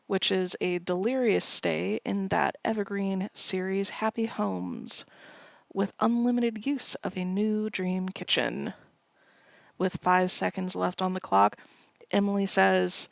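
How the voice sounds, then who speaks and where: A woman's voice: mid-range voice, a little slow, vocal fry, no room sound. A woman co-hosting a podcast, chatting playfully and recapping a film scene by scene. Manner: playful, reads quoted lines with acted bursts. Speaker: podcast co-host. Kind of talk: casual chat and recap narration.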